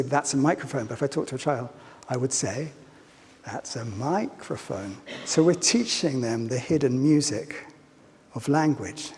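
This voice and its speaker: A man's voice: on the high side, darkish tone, a little hiss or hum. Man lecturing playfully in a reverberant hall. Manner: playful, engages audience with questions. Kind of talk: public lecture.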